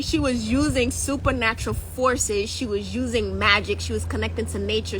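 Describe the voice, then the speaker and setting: Here a young woman with a Jamaican accent talks in a fairly high pitch over a low-quality recording with faint hiss or hum. As a spiritual coach and YouTube host, she tells history to her audience with jokes and frequent laughter, drifting into patois now and then.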